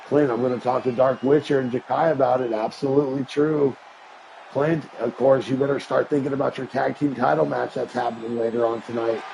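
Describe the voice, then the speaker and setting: Gravelly man calling wrestling play-by-play. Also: medium pitch, steady tone, fairly quick, a faint crowd, a little hiss or hum, poor audio. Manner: hyped announcer delivery that rises to shouts. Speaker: live-stream wrestling game commentator. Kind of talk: play-by-play commentary.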